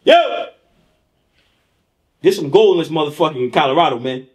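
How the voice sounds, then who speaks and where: A man voicing a broke, hot-headed male gold digger who shouts and curses in street slang. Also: fairly high pitch, animated, moderate pace, close to an everyday voice. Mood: pleading.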